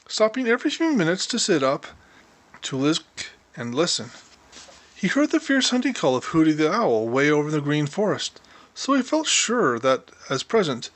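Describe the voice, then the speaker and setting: Expressive man reading a children's book. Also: fairly high pitch. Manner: expressive, storytelling. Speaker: audiobook reader. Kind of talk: children's audiobook narration.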